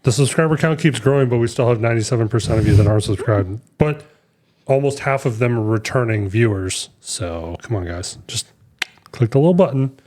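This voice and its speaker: A man's voice: mid-range voice, brisk, darkish tone. Rambling man co-hosting a casual podcast. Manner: rambling storyteller, many fillers and restarts. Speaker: podcast co-host. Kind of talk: casual chat.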